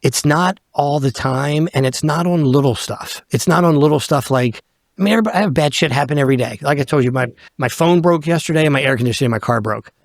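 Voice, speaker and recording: A man's voice: fairly high pitch, quick pace, no room sound, studio quality. A man in his fifties, a podcast guest, telling a story bluntly and candidly, swearing freely and acting out what people said. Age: 50s.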